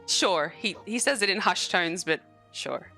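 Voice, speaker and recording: A woman narrating a tabletop game as dungeon master, animated and quick to laugh. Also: fairly low pitch, creaky, soft background music. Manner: giggly, animated.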